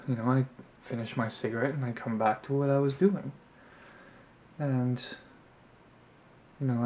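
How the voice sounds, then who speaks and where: A man's voice: medium pitch, darkish tone, slight background noise. A man vlogging, telling a story casually to camera in a rambling way with lots of filler words. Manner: rambling, heavy on "you know" fillers.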